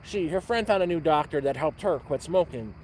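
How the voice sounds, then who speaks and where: A man telling a dirty joke on a livestream at an outdoor campfire, rambling and repeating words, with loud sound effects. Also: on the high side, animated, fairly quick, a little hiss or hum. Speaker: livestream host.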